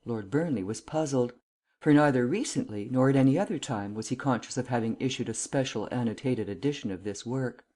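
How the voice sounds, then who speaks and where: Mellow-voiced male audiobook narrator. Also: mid-range voice. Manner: measured, unhurried storytelling. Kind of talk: scripted narration.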